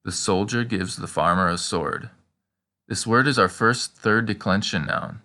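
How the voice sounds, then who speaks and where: A man teaching a scripted language lesson, prompting the listener with questions and slowing down for the example sentences. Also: fairly low pitch, bright, forceful tone.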